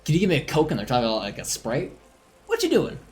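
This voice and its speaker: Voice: medium pitch, expressive, very fast, faint music behind. A streamer chatting casually with viewers during a live game stream, in a giggly, self-deprecating way, with a voice that is starting to tire. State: voice strained and tiring.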